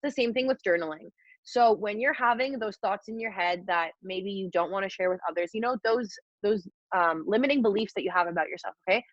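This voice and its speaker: A woman's voice: medium pitch, fairly quick, no echo, lo-fi sound. A young woman talking candidly and casually on a group video call, swearing freely as she gives life advice. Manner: chatty and candid, swears freely, acts out inner voices. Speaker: guest mentor.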